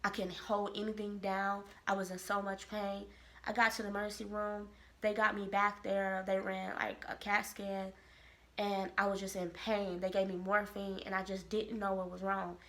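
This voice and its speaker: A woman from Kansas City, telling a personal story to camera in a lively, expressive way. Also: mid-range voice, moderate pace. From Kansas City, Missouri. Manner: animated, expressive storytelling with quoted voices. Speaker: vlogger. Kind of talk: casual storytelling.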